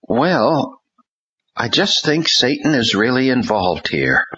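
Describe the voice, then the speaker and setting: An earnest young pastor under strain, read by a man in a raised, lively voice, anxious and defensive. The sound is somewhat dull and lo-fi, and the voice has a husky edge. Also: mid-range voice, slow pace, voice pushed up, exaggerated voice.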